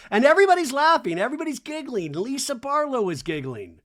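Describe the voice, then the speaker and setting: A man hosting a comedy podcast recaps a reality show in a casual, animated way, mimicking the cast with quick put-on voices. His voice is high-pitched.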